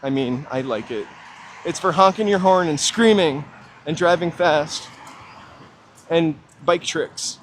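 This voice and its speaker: A man's voice: a little high, takes it slowly, pauses often. Chatty man joking on a city walk. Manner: chatty, joking, self-deprecating asides to viewers. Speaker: live-stream walking host. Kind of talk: casual walking live-stream chat. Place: outdoors on downtown city streets and through tunnels. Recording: faint city street noise. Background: city traffic ambience.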